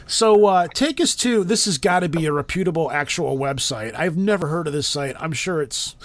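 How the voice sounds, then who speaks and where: Higher-voiced, chatty male podcast host. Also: normal speed, no echo. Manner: animated, rambling storyteller. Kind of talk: casual chat, storytelling.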